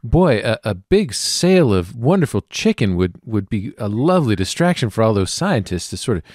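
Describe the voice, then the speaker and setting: A man in a tabletop role-play who talks with lively intonation, repeating words as he goes. The sound is dry and close. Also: on the low side, moderate pace, no room sound. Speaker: tabletop game player.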